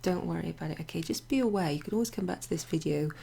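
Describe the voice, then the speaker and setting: A woman teaching a casual French grammar lesson to her club members, chatty and relaxed, with many fillers and asides. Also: lowish voice, racing, creaky, slightly rough. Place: home near a greenhouse.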